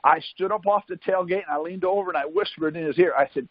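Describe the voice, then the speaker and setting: Host for a call-in show, husky, dry, dull lo-fi phone-call sound, anecdotal and chatty. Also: male voice, fairly high pitch, a little fast, few pauses, dry recording. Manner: keeps asking "See?" while telling anecdotes. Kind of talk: casual storytelling on a call. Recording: dull lo-fi conference call line.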